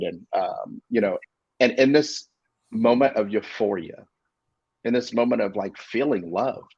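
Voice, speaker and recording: A man in his forties, an inspirational speaker, telling a personal story in an earnest, halting way with many fillers and restarts. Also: mid-range voice, darkish tone, dry recording, muffled recording. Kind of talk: storytelling on a video call show.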